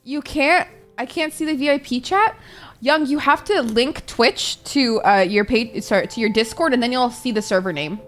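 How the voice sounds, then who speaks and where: A woman's voice: a little high, moderate pace, faint music behind. Chatty, foul-mouthed woman streamer. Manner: chatty, swears a lot, talks to chat. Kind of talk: casual live-stream chat while gaming.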